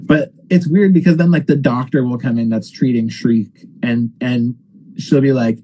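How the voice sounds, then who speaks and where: Podcast co-host, male, dark husky voice, animated rant full of fillers. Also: mid-range voice, moderate pace, poor audio. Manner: animated, swearing, frequent filler words. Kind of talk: casual movie review rant.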